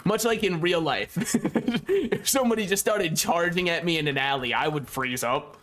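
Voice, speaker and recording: A man's voice: a little high, moderate pace, fairly bright tone, a little hiss or hum. A young man casually commentating a game he is playing, rambling and joking with frequent laughs. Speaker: gaming YouTuber.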